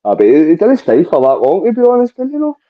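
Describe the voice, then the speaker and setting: A man's voice: high-pitched, huge pitch swings, fast talker. A Scottish man co-hosting a football podcast, laid-back, with short replies. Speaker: podcast co-host. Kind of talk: casual podcast chat. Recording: tinny phone-like call audio.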